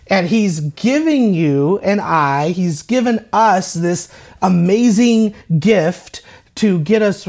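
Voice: medium pitch, darkish tone. A pastor preaching a conversational sermon, with frequent restarts and rhetorical questions.

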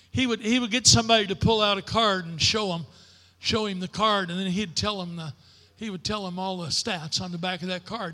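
An older man preaching a sermon as pastor, in a preacher's cadence that builds to shouted declarations. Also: high voice, long reverb tail. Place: church sanctuary.

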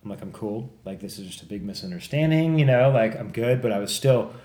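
This podcast co-host is a man with a fairly low voice who talks fairly quickly. He spins a casual, profanity-heavy story and animatedly plays the other characters himself, all recorded in an echoey space.

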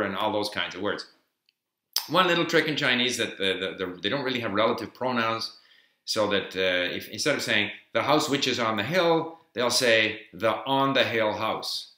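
In a voice on the low side, pushed and bright, a man explains language learning in an informal talk, offering tips from his own experience. He speaks emphatically with scattered fillers, in a room with audible echo.

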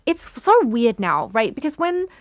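A woman's voice: on the high side, very animated, moderate pace, no room sound. An Australian woman guest chatting casually, rambling with lots of fillers. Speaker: guest model. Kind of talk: casual chat.

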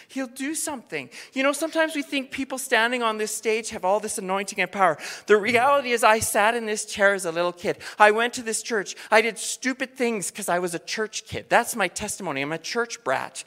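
A pastor preaching a sermon from a church stage, telling stories with passion and building to excited, near-shouted peaks. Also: mid-range voice, brisk. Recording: long reverb of a church hall.

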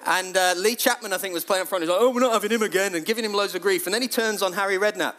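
A middle-aged church leader with a high voice delivers a sermon, speaking at a rapid-fire pace in a lively, easy, conversational style. He frequently raises his voice to act out what other people say, staying chatty throughout.

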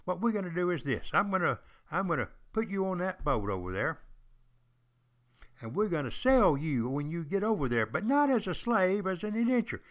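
A man voicing a smooth-talking recruiter who sells passage across the sea. He talks in a salesy, coaxing way and repeats his words. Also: high-pitched, very animated, moderate pace, a bit bright, pitched above the performer's own voice. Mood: persuasive. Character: smooth-talking English ship recruiter, male adult.

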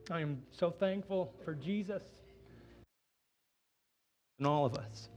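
A man's voice: fairly high pitch, takes it slowly, a little mellow, faint music behind. A man speaking heartfelt words at a baptism, a little distant from the mic.

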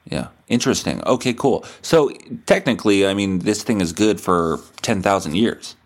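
A man's voice: fairly low pitch, animated, moderate pace. A man hosting a podcast, rambling through a profane comedic monologue and a joking phone call. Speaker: podcast host.

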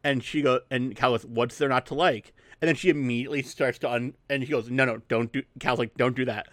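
A man in casual chat, walking through a film's plot with loose, jokey asides and mid-sentence restarts. His voice sits at an ordinary middle pitch. The recording is close and dry, with no room sound. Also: fairly even intonation, fairly bright tone, no room sound. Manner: rambling, jokey, quotes scenes in quick asides. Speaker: podcast co-host. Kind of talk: casual movie recap chat.

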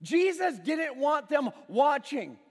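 A high-voiced man preaches to a congregation in a church sanctuary, and his pitch swings widely as he acts out the characters in the story. The long reverb of the hall trails after his words. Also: slow pace. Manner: animated storytelling, acts out characters and uses a prop. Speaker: pastor. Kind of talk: sermon.

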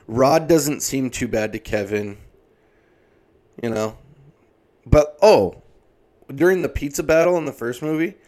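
A man's voice: fairly low pitch, darkish tone. A man in his thirties ranting comedically, exasperated and swearing heavily. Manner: profane, exasperated, heavy swearing. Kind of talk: comedic rant.

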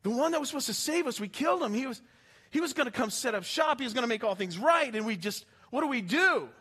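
A male preacher playing a bewildered pilgrim at Pentecost, soft and raised in pitch, tumbling out incredulous questions. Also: lively intonation, quick pace, husky, exaggerated voice.

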